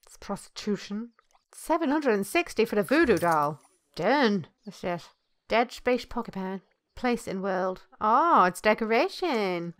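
A woman giving crude, excitable commentary while playing a video game. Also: medium pitch, measured pace, no echo. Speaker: let's play gamer. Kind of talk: gameplay commentary.

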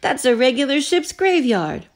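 Booming old sea captain in a storybook read-aloud, voiced by a woman, bold and jolly. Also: big pitch swings, normal speed. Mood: hearty. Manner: booming, hearty.

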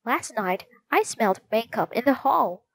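Josh, a woman doing an excited young boy. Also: a little high, measured pace, creaky, full character voice. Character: cheeky, food-loving young boy.

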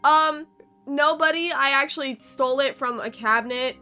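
A woman's voice: high-pitched, moderate pace, sharp tone, faint music behind. A woman reading an earnest ten-year-old girl. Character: frightened ten-year-old girl searching for her cat.

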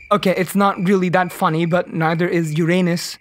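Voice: medium pitch, steady tone, a little fast, few pauses, faint music behind. A science YouTuber giving a comedic explainer that is sarcastic and exasperated, with the odd swear word for laughs. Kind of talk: comedic educational monologue.

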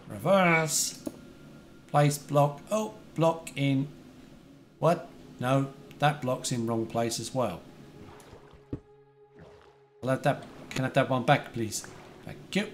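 A UK man chats casually with his live-stream viewers while playing a building game, talking to people in chat and remembering their details. His mid-range voice is slow with frequent pauses, and faint music plays behind him.

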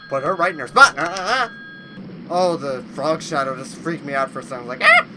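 Man, gaming commentary, excitable and loud, high voice, swings wildly in pitch, noisy recording. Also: moderate pace. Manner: loud, excitable, yelling insults at game monsters. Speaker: gaming video host. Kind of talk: let's play commentary.

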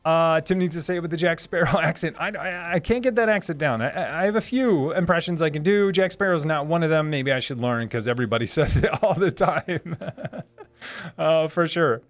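A man's voice: a little high, fairly quick. A man in his thirties hosting a casual live stream, reading viewer comments aloud, chatty, laughing often and repeating words as he restarts sentences.

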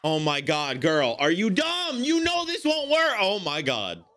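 Excitable man reacting to anime, very high bright voice, lively swings, frequent swearing. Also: unhurried. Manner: excitable, swearing, exclaiming at the screen. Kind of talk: casual reaction commentary.

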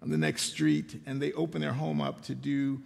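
An older man preaching a sermon, telling personal stories in a relaxed, conversational way with wry humor. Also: mid-range voice, normal speed, gravelly. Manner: conversational storytelling with self-deprecating humor. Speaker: pastor. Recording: long hall reverb.

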